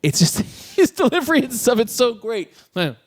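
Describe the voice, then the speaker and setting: Guy cohosting a movie podcast, lively swoopy voice, laughs a lot, dry close sound. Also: very high-pitched, normal speed, dry recording. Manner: animated, laughs often while retelling scenes. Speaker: podcast co-host. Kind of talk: casual film chat.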